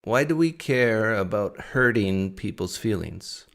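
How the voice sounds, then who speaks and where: Low-voiced man arguing on a live stream. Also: expressive, measured pace, creaky, fairly bright tone. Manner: argumentative, fires off rhetorical questions. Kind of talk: casual live stream commentary.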